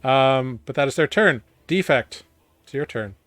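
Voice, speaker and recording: A man running a tabletop game as game master, relaxed, with many fillers and quick self-corrections. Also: mid-range voice, dry recording, faint music behind.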